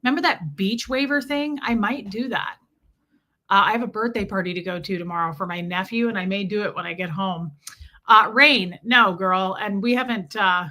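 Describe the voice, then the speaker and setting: A young adult woman hosting a casual livestream from home, chatty and friendly as she greets viewers by name. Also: mid-range voice. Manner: chatty, warm greetings, frequent laughs. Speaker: livestream host. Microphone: streaming setup mic.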